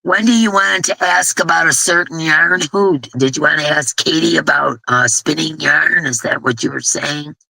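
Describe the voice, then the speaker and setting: A woman's voice: deep voice, moderate pace, gravelly, hardly any pauses, sharp tone, no echo. A woman hosting a crochet livestream, chatting casually and laughing at herself while exhausted from little sleep. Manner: chatty, laughing, self-deprecating. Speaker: crochet channel host.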